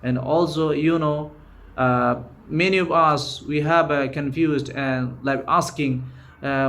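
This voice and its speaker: A man's voice: on the high side, steady tone, takes it slowly, fairly bright tone. A man with a Bangladeshi accent, a native Bengali speaker, gives an earnest, informal spoken-English lesson, often restarting and repeating himself. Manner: earnest, repetitive, frequent restarts. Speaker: English teacher.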